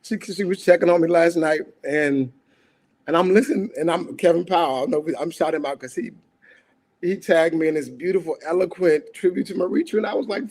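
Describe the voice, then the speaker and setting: On a livestreamed talk show, a grieving male guest speaks with a brisk, darkish, rather high voice. Raw and emotional, he swings between laughter and anger.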